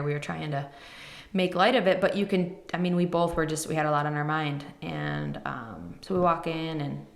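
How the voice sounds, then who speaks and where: A woman in her thirties who hosts a podcast speaks in a low voice in an echoey room. She emotionally retells a personal story, quoting and acting out the people in it.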